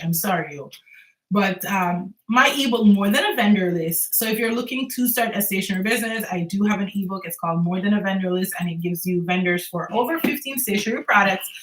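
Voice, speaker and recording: A woman's voice: medium pitch, fairly bright tone. A young woman from Antigua and Barbuda with a Caribbean accent, chatting casually and laughing often as she answers viewer questions on a home livestream. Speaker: small business owner and livestreamer. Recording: roomy echo.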